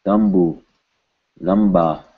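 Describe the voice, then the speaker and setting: A man's voice: low-pitched, fairly even intonation, drawn-out words, breathy edge, phone-quality sound. A man teaching pronunciation, patiently repeating each word several times. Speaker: language teacher. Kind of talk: pronunciation lesson.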